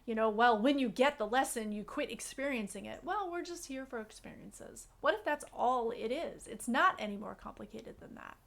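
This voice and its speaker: A woman co-hosting a podcast in casual chat, telling stories in a reflective, animated way. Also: fairly high pitch, normal speed, vocal fry, hardly any pauses. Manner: storytelling, reflective, animated asides. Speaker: podcast co-host.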